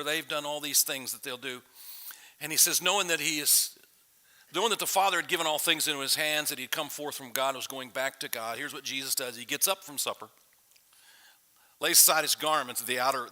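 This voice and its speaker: A man preaching a sermon in a casual, conversational way, restarting phrases and swinging from loud emphasis to quiet asides. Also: on the high side. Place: church sanctuary. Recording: long reverb of a church hall.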